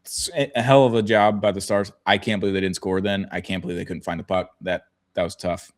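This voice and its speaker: A man's voice: low-pitched, fairly even intonation, a little fast. A young man co-hosting a sports podcast, rambling and joking with casual swearing. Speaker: podcast co-host.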